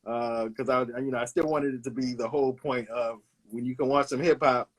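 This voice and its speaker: A man in his fifties from Brooklyn, a guest illustrator telling stories in a relaxed interview with frequent "uh"s. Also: medium pitch, a little fast. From Brooklyn, New York. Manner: laid-back, anecdotal, hesitates with "uh", laughs along. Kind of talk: casual storytelling interview.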